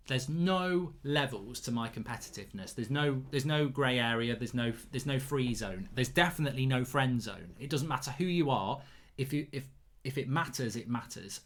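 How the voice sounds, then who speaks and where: A man, rambling through a casual story as host, restarting sentences and getting loud when he acts out his anger. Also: medium pitch. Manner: rambling, self-interrupting, gets loud and heated when acting out anger.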